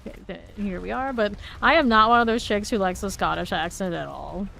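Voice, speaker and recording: A woman with a light Southern drawl and a gravelly, creaky edge to her voice, speaking into a streaming microphone. She chats casually with her viewers while she plays, teasing herself and laughing often. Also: medium pitch, fairly quick, bright, forceful tone, a little hiss or hum. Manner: chatty and self-teasing, talks to chat while playing, laughs often. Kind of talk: casual gameplay commentary, chatting with viewers.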